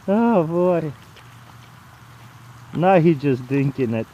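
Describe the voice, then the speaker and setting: A man's voice: high voice, fairly bright tone, muffled recording. A man filming a casual how-to vlog, enthusiastically showing life hacks in loose, non-native English and chatting to his dog. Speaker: vlogger demonstrating life hacks.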